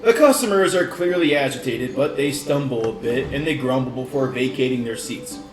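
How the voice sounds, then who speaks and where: A man as dungeon master, narrating scenes in a halting, descriptive way. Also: mid-range voice. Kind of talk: narrating a tabletop game. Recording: echoey room, distant mic, faint music.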